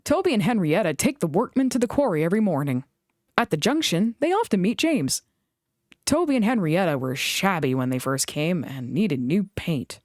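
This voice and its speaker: A woman reading a children's book aloud in an expressive storytelling voice. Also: on the low side, normal speed, dry recording, studio quality. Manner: expressive, animated read-aloud.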